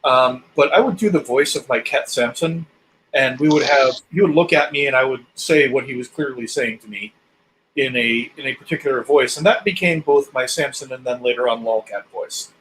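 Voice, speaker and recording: A man's voice: medium pitch, moderate pace, a bit bright, a little hiss or hum, low-quality recording. A man co-hosting a podcast, telling stories in an easygoing, casual way. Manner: easygoing storyteller. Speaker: podcast co-host. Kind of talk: casual chat.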